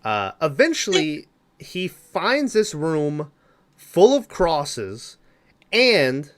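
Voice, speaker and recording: A man's voice: on the high side, wildly swooping pitch, drawn-out words, a crowd in the background. A man co-hosting a podcast, casually recapping a movie plot in a rambling, loose way, full of fillers and swearing. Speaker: podcast co-host.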